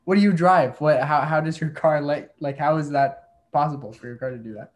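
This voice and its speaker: A young man hosting a comedy podcast, joking in deadpan and turning quickly exasperated. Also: a little high. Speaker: podcast host. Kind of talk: improvised comedy podcast banter.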